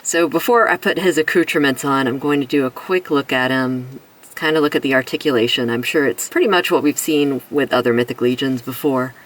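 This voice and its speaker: A toy reviewer chatting through a casual action figure review while sick, with a rough voice and self-deprecating jokes. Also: medium pitch, fairly quick, fairly bright tone, distant mic, slight background noise, poor audio.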